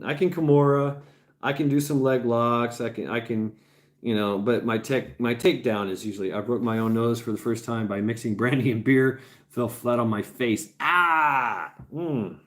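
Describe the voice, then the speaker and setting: A man in his forties chatting on a livestream as its host, rambling, swearing freely, laughing often and repeating himself, tired after hours on air. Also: mid-range voice. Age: 40s. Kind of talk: casual livestream chat.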